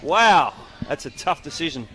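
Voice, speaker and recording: Lively Australian footy caller, man. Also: fairly high pitch, normal speed. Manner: lively, opinionated, addresses co-hosts as boys. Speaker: football commentator. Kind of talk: live sports commentary.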